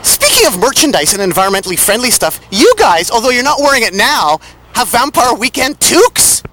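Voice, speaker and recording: Male interviewer, high sharp voice, animated and playful, light traffic hum behind. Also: brisk. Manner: jokey, animated questioning.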